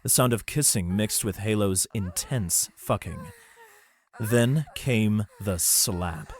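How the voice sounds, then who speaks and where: A man's voice: fairly low pitch, takes it slowly. A man narrating an adult fantasy audiobook in the first person, reading steadily.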